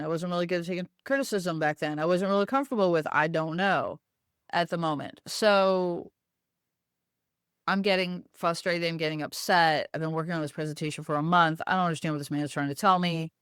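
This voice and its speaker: A woman's voice: lowish voice, a little fast, fairly bright tone, clear, resonant tone, no room sound, clean studio sound. A woman hosting a talk, telling a personal story in a frank, casual way with blunt swearing. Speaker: host.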